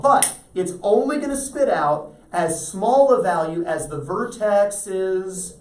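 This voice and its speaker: A man's voice: sits high, expressive, takes it slowly, hardly any pauses, slight background noise. A man teaching a math class, talking through problems and often checking whether students follow. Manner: asks the class frequent check-in questions. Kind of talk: classroom lecture. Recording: roomy echo, voice from far off.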